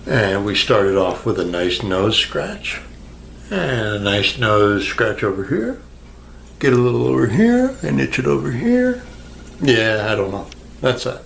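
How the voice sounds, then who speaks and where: A man's voice: lowish voice, very animated, unhurried, gravelly, fairly bright tone, a little hiss or hum. A man ranting to the camera in a rambling, sarcastic way, swearing freely and answering an imagined viewer. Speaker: vlogger. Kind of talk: rambling casual rant to camera.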